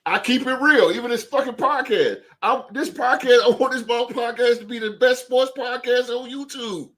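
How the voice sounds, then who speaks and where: A man hosting a sports podcast and coaching youth basketball, talking loudly and emphatically with plenty of swearing. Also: extremely high pitch, normal speed. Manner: loud, swearing, animated and emphatic. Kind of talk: casual sports podcast chat.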